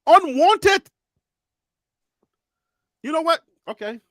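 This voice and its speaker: A high-pitched man with a Liberian accent hosts a lively sports debate, words tumbling out in repeats. His voice is close and dry, with no room around it. He is excitable and quick to laugh. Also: no echo. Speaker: host. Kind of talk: live sports debate chat.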